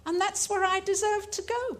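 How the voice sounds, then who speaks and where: A woman's voice: very high voice, fairly even intonation, moderate pace, fairly bright tone. An older woman from England telling her testimony at a conference, earnest and often laughing as she speaks. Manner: earnest storytelling, breaks into laughter. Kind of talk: testimony talk.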